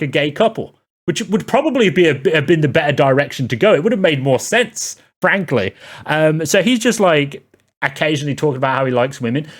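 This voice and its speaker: A man giving a sarcastic, rambling spoken film review, full of exasperated asides. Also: a little high.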